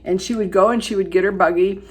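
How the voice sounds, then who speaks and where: A woman's voice: mid-range voice, steady tone, fast talker, breathy edge. Chatty woman in her seventies doing makeup. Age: 70s. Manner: chatty storyteller, rambling with fillers, dropping to soft asides while applying makeup. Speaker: beauty vlogger. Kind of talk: casual makeup tutorial chat.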